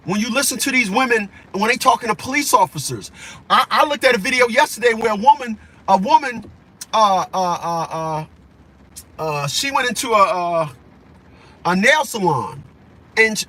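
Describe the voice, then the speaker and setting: A man's voice: sits high, bright, forceful tone. A man delivering a heated, profane opinion rant as a vlogger, repeating himself for emphasis.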